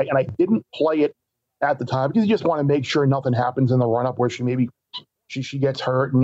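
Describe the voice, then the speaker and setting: A man's voice: mid-range voice, a little mellow, no room sound, muffled recording. A man joining a betting talk show as a guest, talking in a stop-start way and repeating words as he thinks. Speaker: guest sports bettor.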